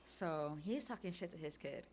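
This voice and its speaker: A woman's voice: low voice, normal speed, darkish tone, a little hiss or hum. A woman hosting a stream, casually recapping and reacting, chatty and profane. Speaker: stream host. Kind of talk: casual episode recap and discussion.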